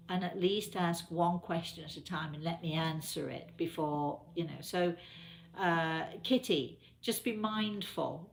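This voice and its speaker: An older woman, a spiritual medium, chatting casually and repeating herself as she gently advises viewers in a live question session. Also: low-pitched, gravelly.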